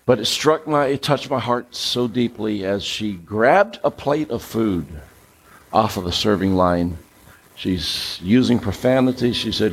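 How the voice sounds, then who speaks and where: A preacher giving a sermon in a church, animated and coaxing the congregation to take part. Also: male voice, sits low, measured pace, creaky, slight background noise, low-quality recording. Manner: animated, coaxes the audience.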